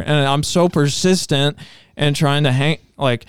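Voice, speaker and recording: Smooth-voiced man telling an earnest story. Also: a little high, steady tone, measured pace, dry recording, clean studio sound. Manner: earnest, rambling storytelling with many restarts. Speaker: podcast co-host. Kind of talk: personal testimony told in casual chat.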